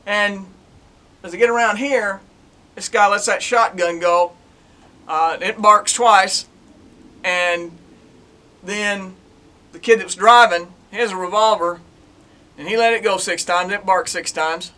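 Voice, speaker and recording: A man's voice: sits high, measured pace, long pauses. A middle-aged man, a former police officer telling his stories to his own camera in a plainspoken, folksy way. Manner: folksy, plainspoken, animated retelling. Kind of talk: casual storytelling to camera.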